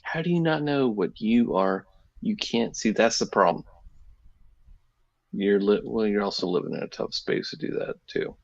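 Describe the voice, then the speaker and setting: A man in his thirties gives blunt, profane advice in casual chat. His voice is low and gravelly. The recording is dry and dull, with a lo-fi sound. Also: normal speed, no room sound. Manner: blunt, advice-giving, swears freely.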